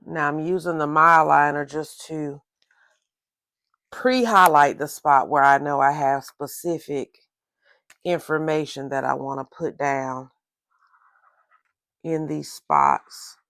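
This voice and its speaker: A woman's voice: low voice, gravelly, dry recording. A woman with a Southern US accent, chatting casually while decorating her journal in a plan-with-me vlog. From Southern United States. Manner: slow, relaxed, rambling with repeated "again". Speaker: journaling vlogger.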